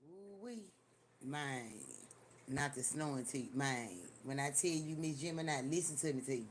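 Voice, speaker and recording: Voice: medium pitch, a little slow, a little hiss or hum. Older livestream host, chatty storyteller, cusses freely, addresses the viewers directly. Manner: animated, profane, talks straight to viewers. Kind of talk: casual live-stream storytelling.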